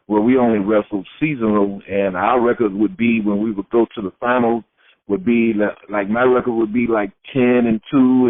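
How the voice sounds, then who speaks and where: A middle-aged man from Florida, a retired wrestler, telling his stories in a shoot interview and acting out the voices of people he quotes. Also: mid-range voice. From Florida, USA. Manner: lively storyteller who acts out quoted voices. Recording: tinny phone-like line, dry.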